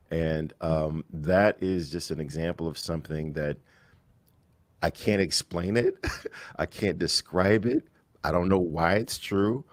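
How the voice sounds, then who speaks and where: A man with an extremely deep voice tells a casual, self-mocking story on a live online panel. He is wry and amused and uses a lot of fillers. The sound is dry and close, with no room echo. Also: a little slow. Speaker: mastermind panel member.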